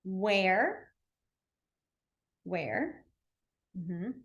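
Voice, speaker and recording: A woman's voice: mid-range voice, very animated, extremely slow, dull audio. A woman teaching a beginner sign language class in a library, chatty and informal, with lots of fillers and self-corrections. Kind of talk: casual class instruction.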